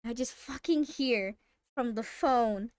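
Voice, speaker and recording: A woman streamer telling a story in casual live-stream chat, animated and swearing freely. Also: on the high side, slow, no echo, clean studio sound.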